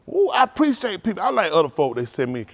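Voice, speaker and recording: Lively, high-voiced male pastor preaching. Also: fast. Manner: animated, laughing, talks straight to the congregation. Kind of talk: informal sermon testimony. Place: synagogue service.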